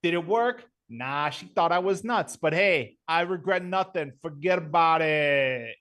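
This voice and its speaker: A woman's voice: on the low side, lively intonation, a little slow, fairly bright tone. A performer voicing a brash, boastful male bachelor with a thick Brooklyn accent in a comedy livestream sketch. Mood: storytelling. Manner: boastful, brash, swears freely.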